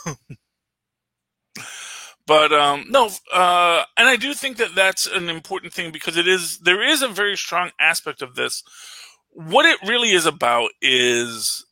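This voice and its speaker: A man with a high, animated voice hosts a casual podcast chat reviewing a film, speaking a little slowly in a pushed, bright tone with no echo. He rambles enthusiastically, full of fillers and laughter.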